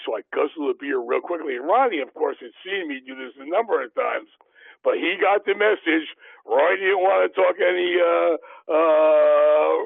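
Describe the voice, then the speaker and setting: Older male podcast host, gravelly and slightly high, rambling storyteller, thin phone-quality audio. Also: no echo. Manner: rambling, halting, many fillers and restarts. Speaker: podcast host telling stories. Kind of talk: anecdotal interview storytelling. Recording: dry, tinny phone-like line.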